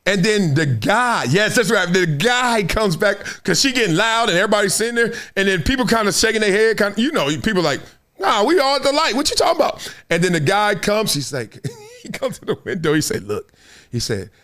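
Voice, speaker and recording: A man's voice: high-pitched, lively intonation, fairly quick, a bit bright. A male show host chatting casually on a livestream, telling stories with lots of laughter and acting out other people's lines.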